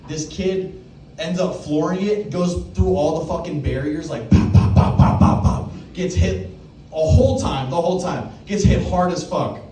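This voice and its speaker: A young man doing open mic stand-up, telling a crude story with loud acted-out quotes. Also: a little high, moderate pace, soft background music. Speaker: stand-up comedian. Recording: echoey room, mic heard from a distance.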